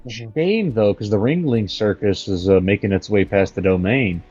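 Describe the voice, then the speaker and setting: A man's voice: lowish voice, moderate pace, darkish tone, breathy edge, dull audio, soft background music. A man playing a tabletop game, chatting loosely and jokily with plenty of swearing. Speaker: player. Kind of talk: casual tabletop game chat.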